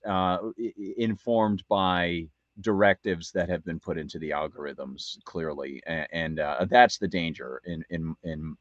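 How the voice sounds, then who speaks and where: A radio co-host with a low voice tells a casual, rambling anecdote on talk radio, restarting many times. The audio sounds dull, with no echo.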